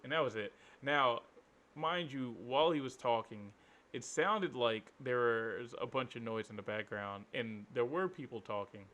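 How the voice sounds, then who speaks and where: A man's voice: mid-range voice, measured pace, a bit bright. A man in his twenties telling a story casually, rambling with lots of filler words. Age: 20s. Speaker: vlogger.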